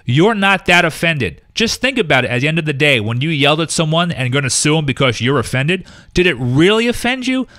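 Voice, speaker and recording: Emphatic man ranting, bright tense voice. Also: fairly high pitch, big pitch swings, a little fast, few pauses, no room sound, studio quality. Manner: emphatic, ranting, acts out quotes. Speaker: guest. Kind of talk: casual podcast chat.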